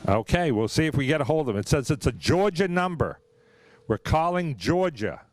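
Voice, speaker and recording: A man hosting a live charity raffle drawing at a car museum, folksy and chatty, spelling names out slowly. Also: a little high, very animated, no room sound. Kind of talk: live event announcing. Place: car museum event hall.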